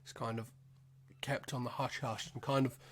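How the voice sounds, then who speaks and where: A man's voice: medium pitch, level tone, normal speed. Male solo podcast host, casual film recap, loose and chatty, swears a lot, self-mocking asides.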